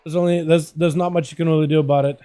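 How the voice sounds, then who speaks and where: A young male livestreamer, a native Russian speaker, casts game duels casually in a raised, lively, somewhat high register, speaking at a racing pace. His voice is hoarse and rough tonight, yet mellow and dark in tone, as he hypes every play and banters with chat over faint, quiet music.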